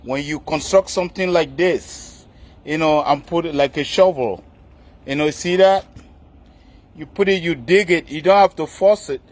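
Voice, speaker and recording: A man's voice: on the high side, a little slow. Man coaxing through a farm demo. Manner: coaxing, repetitive, pointing things out. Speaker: farm demonstrator. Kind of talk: hands-on demonstration. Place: outdoors on a farm.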